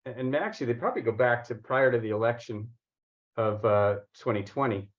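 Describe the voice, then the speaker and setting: A man's voice: medium pitch, fairly quick, lo-fi sound. A man co-hosting a podcast, responding in a thoughtful, somewhat hesitant way. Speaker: podcast co-host. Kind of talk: political discussion.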